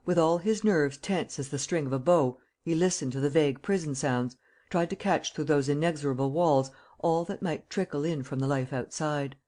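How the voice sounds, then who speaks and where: An audiobook reader narrating a classic detective novel in a measured, even way. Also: mid-range voice.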